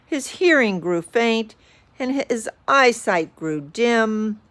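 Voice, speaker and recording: A woman reading a rhyming picture book aloud with lively expression. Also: on the high side, takes it slowly. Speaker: storyteller.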